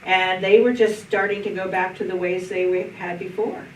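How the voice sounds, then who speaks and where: A woman's voice: lowish voice, steady tone, moderate pace. Folksy woman pastor telling a story. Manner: folksy, anecdotal, with restarts. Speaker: pastor leading Bible study. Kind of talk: storytelling in a group discussion. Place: church meeting room. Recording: roomy, distant mic, faint noise.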